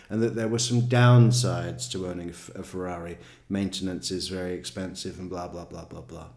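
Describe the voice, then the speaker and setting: A man's voice: lowish voice, darkish tone. A man giving profane, sarcastic true crime commentary, exasperated and mocking as he argues his point. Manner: swears constantly, sarcastic and exasperated, mocks others in put-on voices.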